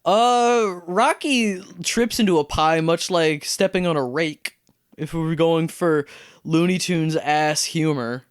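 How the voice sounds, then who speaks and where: A man co-hosting a casual movie podcast. His voice is on the high side for a man, smooth and resonant, and it sounds close and dry. He rambles through long plot recaps. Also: slow, no echo. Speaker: podcast co-host. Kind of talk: casual movie review chat.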